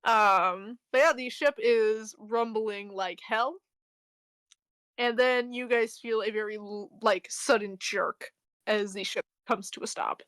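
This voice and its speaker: A woman's voice: on the high side, slow, a bit bright, clean tone, dry recording. A woman narrating as dungeon master in a casual tabletop game stream, loose and full of fillers. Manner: loose, filler-heavy narration with frequent laughs.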